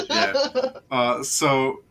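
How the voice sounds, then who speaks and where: A man's voice: mid-range voice, sharp tone, slight background noise. A man narrating as game master in a tabletop game, joking and laughing often.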